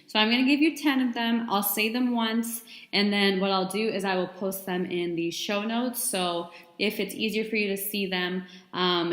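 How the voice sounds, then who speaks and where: A woman in her twenties hosting a self-help podcast, talking in an earnest, chatty way full of "like" fillers. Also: mid-range voice. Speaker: podcast host. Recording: echoey room with long reverb.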